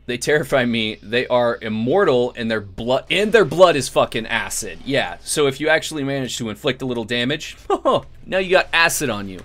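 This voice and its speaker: A man hosting gameplay commentary with a bright, forceful tone. He rambles through chatty asides and keeps breaking into profane, excitable outbursts at the game. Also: medium pitch, normal speed, few pauses. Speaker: gaming channel host.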